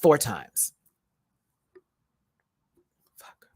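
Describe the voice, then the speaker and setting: A man with a Southern US accent chatting casually on a livestream from a hotel room, animated and full of terms of endearment. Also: very slow, dry recording, studio quality. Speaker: YouTube host.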